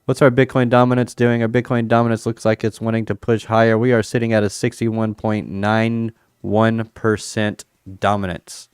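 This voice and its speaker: A man's voice: lowish voice, level tone, normal speed, few pauses, smooth, no room sound, clean studio sound. A man streaming casually, thinking aloud about crypto charts and a chess game, with playful banter. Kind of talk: casual livestream chat over charts and chess.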